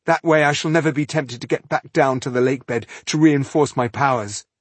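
A man's voice: medium pitch, brisk, no room sound, pitched above the performer's own voice, natural voice. A man reading an audiobook, voicing a weary, stubborn young queen who speaks dully and resigned. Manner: dull, resigned.

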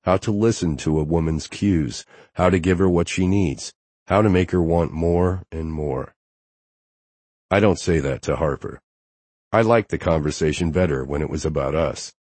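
A man giving measured, even first-person narration of an audiobook. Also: rumbling low, no echo.

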